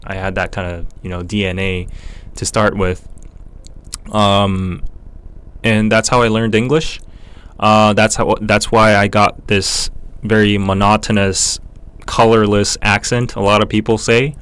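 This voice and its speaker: A man's voice: fairly low pitch, clear, resonant tone. Young korean guy w/ north american accent, casual livestream q&a host, chatty, lots of ums, clean voice. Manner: relaxed and chatty, with frequent fillers. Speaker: podcast host.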